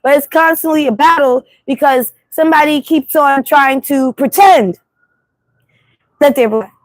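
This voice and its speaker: Blunt, high-voiced New York woman ranting. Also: a little slow, dry recording. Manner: animated, blunt, repetitive storytelling. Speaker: livestream host. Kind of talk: casual livestream monologue. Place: city street at night.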